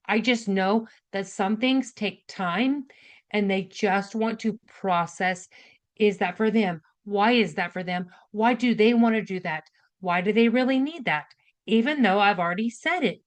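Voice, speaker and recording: A woman's voice: mid-range voice, a bit bright. Woman nurse educator, casual class talk, direct, lots of rhetorical questions. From United States. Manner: direct, chatty, asks rhetorical questions, says "right?" and "okay?" often. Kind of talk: casual spoken lesson to an audience.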